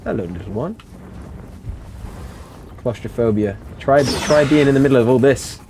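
A man's voice: mid-range voice, normal speed, background noise. A man streaming a game live, playfully teasing and reading out chat messages.

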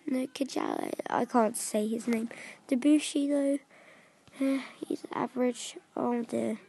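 A woman giving casual commentary while opening card packs in a video game, often dropping into soft whispers and stumbling over names. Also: a little high, fairly even intonation, measured pace, creaky, slightly rough. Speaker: gaming video creator.

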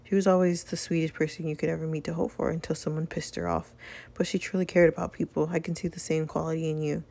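A woman's voice: deep voice, level tone, fast talker, gravelly, dark tone. A woman voicing a stern, defensive middle-aged mother in a story game, speaking in a cool, probing way.

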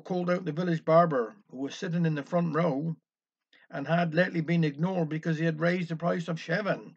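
A man's voice: on the high side, steady tone, a little fast, breathy edge. Wry Cornish man telling a dialect story. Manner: wry, anecdotal. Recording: dull lo-fi recording.

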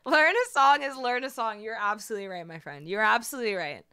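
Bright, bubbly woman streamer chatting. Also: fairly high pitch, sing-song, brisk, smooth. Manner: bubbly, laughing, talking to chat. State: tired, voice not at full strength. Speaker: musician livestreamer. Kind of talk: casual livestream chat.

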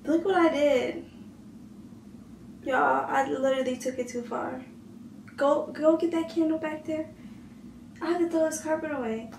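A woman's voice: high voice, unhurried, vocal fry, long pauses, a little mellow. A young woman in a casual home prank vlog, giggly and talking to her viewers from her bedroom. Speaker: vlogger. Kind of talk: casual prank video chat. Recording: echoey room, distant mic, faint noise.

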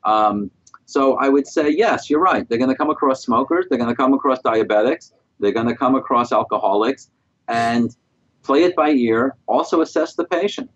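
A middle-aged man answering interview questions as a guest specialist, calm and explanatory. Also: medium pitch, normal speed, lo-fi sound. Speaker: guest periodontist.

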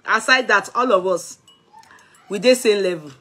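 Husky and sharp-toned, her mid-range voice moves at a moderate pace. A middle-aged Nigerian woman is vlogging in a casual, playful way, with frequent laughter, bursts of song, and a blend of Yoruba and Pidgin.

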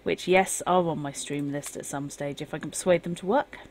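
A woman's voice: deep voice, fairly even intonation, fairly quick, a little mellow. A woman streaming a game, chatting casually and wryly over the gameplay. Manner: wry and chatty. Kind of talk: casual live game commentary.

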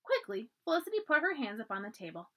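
A woman storyteller at a library reads a children's chapter book quickly, her voice lively and full of expression. Through the narration her pitch swings up and down a great deal.

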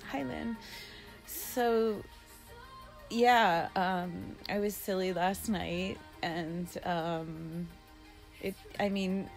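Frank, rambling woman with a cough. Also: fairly low pitch. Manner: rambling, frank, swears freely. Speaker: vlogger. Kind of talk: casual live video diary. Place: at home in quarantine.

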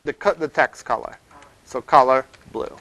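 A man's voice: mid-range voice, moderate pace, noisy background. A man teaching a college web development class, talking loosely with lots of fillers and "all right?" check-ins to the room. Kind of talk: classroom lecture.

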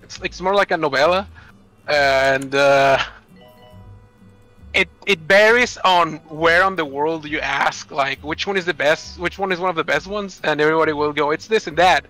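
A young man with a bright, slightly high voice chats casually as a co-host. He rambles, restarting his sentences, and plays up the drama for fun. Faint music sits behind him. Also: normal speed, poor audio. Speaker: co-host boyfriend. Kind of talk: casual gaming chat.

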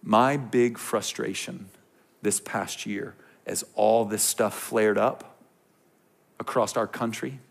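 A man in his thirties preaching to a youth group, swinging between quiet explanation and passionate ranting with jokes aimed at the crowd. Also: fairly low pitch, steady tone, takes it slowly, vocal fry. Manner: impassioned, ranting and joking with the crowd. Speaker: youth pastor. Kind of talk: sermon.

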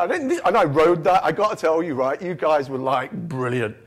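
A British man delivering a conference keynote with plenty of jokes at his own expense. His voice is high for a man and leaps up and down as he talks. He keeps it chatty, checking in with the crowd again and again. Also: animated, fairly quick, hardly any pauses. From United Kingdom. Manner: jokey, self-mocking, chatty with fillers like "right?".

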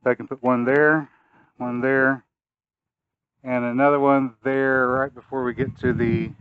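A man's voice: medium pitch, flat delivery, unhurried, phone-quality sound, slight background noise. A man hosting a gardening vlog outdoors, a little out of breath, talking casually and thinking aloud as he plans where to plant. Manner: folksy, thinking aloud while working. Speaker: gardening channel host. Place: outdoors in a yard.

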